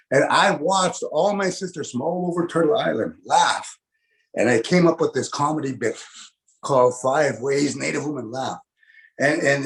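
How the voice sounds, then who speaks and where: A middle-aged man doing stand-up comedy, folksy and animated, who tags his lines with "eh?" and acts out big laughs. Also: medium pitch, gravelly. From Canada.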